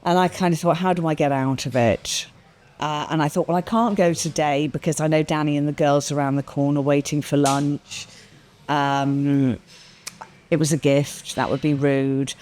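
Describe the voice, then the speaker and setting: Low-pitched, this podcast guest recounts a personal story vividly and expressively. She performs the quoted lines and drops casual swears along the way.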